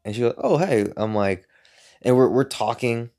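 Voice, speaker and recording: A young man talks through personal stories in a loose, rambling way, full of restarts and swearing. His voice sits at an ordinary middle pitch and climbs sharply when he relives a big moment. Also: normal speed. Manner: rambling, profane, animated when retelling. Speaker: speaker sharing personal stories. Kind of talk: casual storytelling monologue.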